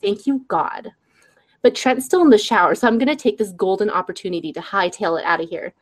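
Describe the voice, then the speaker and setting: A woman's voice: mid-range voice, a little fast, close to an everyday voice. A woman reading the part of a brash young party girl with a playful, sly manner in a book reading. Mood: teasing.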